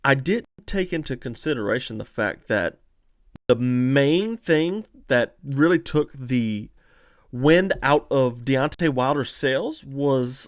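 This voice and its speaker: A man talks through a fight on a live stream, excitable and chatty, with plenty of fillers and restarts. His voice sits at an ordinary middle pitch. The sound is dry and close, with no room around it. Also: no echo. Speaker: podcast host analyzing fights. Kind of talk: casual live-stream commentary, reading chat.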